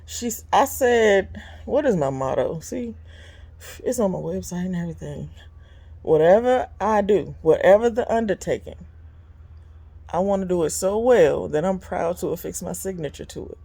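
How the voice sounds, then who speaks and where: A husky-voiced woman in her fifties, a business owner hosting her own vlog, delivers a blunt, chatty monologue at a normal pace. Animated and exasperated, she jumps sharply in pitch when quoting people and laughs often.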